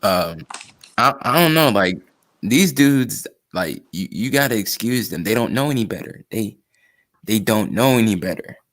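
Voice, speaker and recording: A man's voice: lowish voice, lively intonation, normal speed, fairly bright tone. A man co-hosting a casual chat, joking and laughing often, with stammered restarts. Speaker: podcast co-host.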